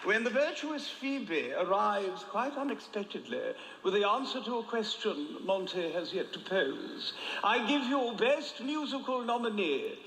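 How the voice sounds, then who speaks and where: A pompous gentleman with a posh drawl, his voice high and swooping all over the place. He sounds down on the gathered crowd from a big stage. His voice rings through a large, echoey hall with a steady hum of audience noise. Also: measured pace, heavily acted. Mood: haughty. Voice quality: haughty, theatrical drawl. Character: pompous upper-class English gentleman presenter. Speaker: awards show presenter in character. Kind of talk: comic stage presentation.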